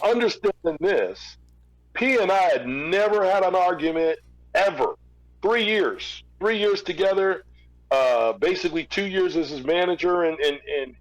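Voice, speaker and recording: A middle-aged man tells a story as a guest in a casual interview. He acts out both sides of each conversation and often repeats words as he restarts his sentences. His voice sits in a middle register and sounds dry and close, with no room echo. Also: medium pitch. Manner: recounts events through quoted back-and-forth dialogue. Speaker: podcast guest, former record label executive.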